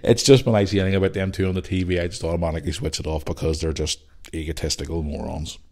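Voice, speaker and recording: A man ranting on his own podcast, exasperated and full of sarcasm. His voice sits a little low for a man. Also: flat delivery, rapid-fire, darkish tone. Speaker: podcast host. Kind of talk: solo podcast rant.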